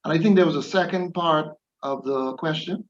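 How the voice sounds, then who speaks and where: A man's voice: a little high, normal speed, muffled recording. A man speaking for the police on a panel, hesitant and full of fillers. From Bahamas. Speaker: police representative. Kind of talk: panel discussion.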